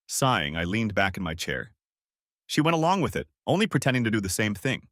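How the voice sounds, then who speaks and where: A man's voice: lowish voice, big pitch swings, fairly quick, a bit bright, no room sound, clean studio sound. A man narrating a first-person audiobook story in a brooding, emotional way.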